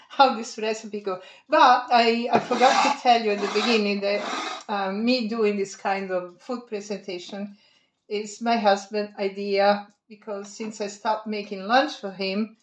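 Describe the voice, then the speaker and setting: A woman's voice: mid-range voice, roomy sound. A woman with an Italian accent giving a cooking demonstration at home, chatty and digressive, laughing often. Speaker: home cook.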